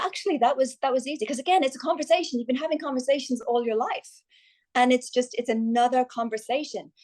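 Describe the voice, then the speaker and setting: Irish woman, success coach, podcast guest, enthusiastic and chatty. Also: medium pitch. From Ireland. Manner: enthusiastic, animated, many fillers and restarts. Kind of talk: podcast interview.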